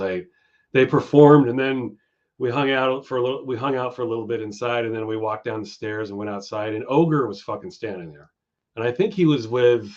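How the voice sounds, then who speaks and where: A man hosting a live stream, chatting casually with viewers, going off on tangents and swearing freely. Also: mid-range voice. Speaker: stream host. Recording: dull lo-fi stream audio.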